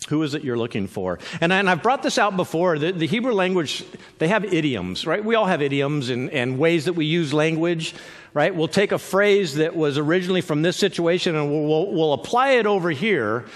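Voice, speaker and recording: A man with a high voice preaching a sermon, his speech echoing through a hall with a long reverb. He talks in a conversational way and breaks into joking asides. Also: animated, moderate pace. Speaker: pastor.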